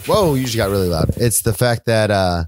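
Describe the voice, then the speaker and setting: A man co-hosting a sports podcast, trading quick opinions and laughs with his partner in casual chat. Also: on the low side, animated, no room sound. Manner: laughing, interrupting banter. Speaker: co-host.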